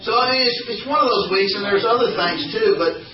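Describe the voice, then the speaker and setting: A man giving a folksy, animated church talk full of anecdotes, calling on the congregation for responses. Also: sits high, brisk, crowd noise. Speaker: church speaker. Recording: echoey hall from far off, dull sound.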